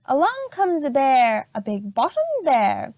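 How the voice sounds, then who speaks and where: A high-voiced woman reads picture books and chapter books aloud to preschoolers, taking her time. Her delivery is expressive and sing-song, paced for small listeners. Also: measured pace. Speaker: preschool teacher. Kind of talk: reading a picture book and chapter book aloud to children.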